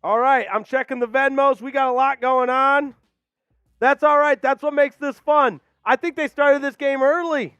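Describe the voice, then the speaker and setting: A man hosting a live stream, calling football play-by-play and shouting out viewers with loud hype. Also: very high voice, steady tone, moderate pace, no room sound, lo-fi sound. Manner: hyped, shouting shout-outs. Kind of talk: excited watch-along play-by-play.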